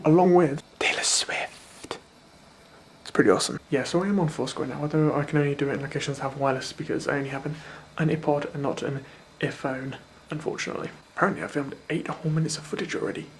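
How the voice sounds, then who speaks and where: A man's voice: a little high, a little hiss or hum. A young man chatting casually to the camera in a rambling, offhand, self-mocking way. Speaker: video blogger. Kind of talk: casual chat.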